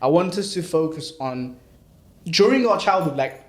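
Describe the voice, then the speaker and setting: A man's voice: fairly high pitch, lively intonation, normal speed, echoey room. A young man hosting a podcast, chatting casually with friends and laughing often. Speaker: podcast host.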